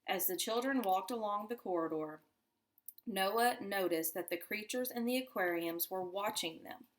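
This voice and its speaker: A woman teacher reading a children's novel aloud to her class in a deliberate storytelling manner. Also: mid-range voice. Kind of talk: children's book read-aloud.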